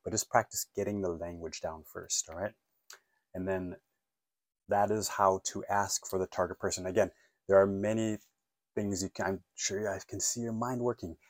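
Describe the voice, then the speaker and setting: A man with a very low voice leads an online English lesson on phone calls. He is encouraging and repeats key words, checking in with his learners often. The sound is close and dry, with no room echo. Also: fairly even intonation, moderate pace. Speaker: English teacher.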